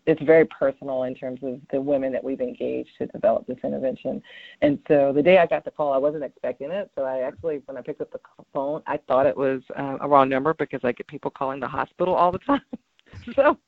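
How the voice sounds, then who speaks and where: Gravelly man on a tinny phone line. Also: mid-range voice, steady tone, a little fast, dry recording. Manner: earnest, heartfelt, many fillers and restarts. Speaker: cancer researcher. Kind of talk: interview answers.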